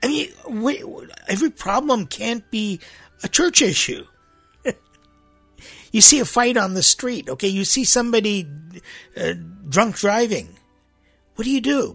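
A man serving as a church priest delivers a sermon in an easy, conversational way, circling back and repeating himself. His voice is gravelly and husky. Faint music is heard in the background. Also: high voice, a bit bright. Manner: rambling, repeats himself, rhetorical "right?" asides.

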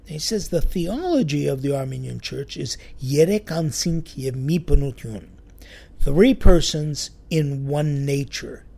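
A man telling a church story in a sermon, lively and acting out the quoted voices. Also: a little high, unhurried, creaky. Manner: animated storyteller, acts out quotes.

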